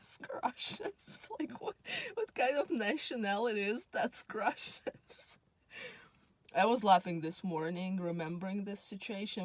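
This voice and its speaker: Recorded with no room sound, a woman in her 30s from Russia, whose first language is Russian, rambles through a casual personal story full of ums. She sounds weary, and her voice sits in the mid range.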